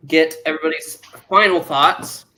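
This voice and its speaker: A man's voice: on the high side, moderate pace, sharp tone, slight background noise. A man hosting a casual online panel, leading the ranking and calling on each panelist in turn. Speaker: show host. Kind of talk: casual group discussion.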